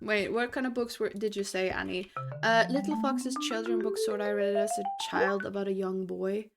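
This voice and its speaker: A woman's voice: mid-range voice, steady tone, normal speed, creaky, over loud music. A young adult woman streaming live, chatting casually with her viewers, laughing often and reacting to chat.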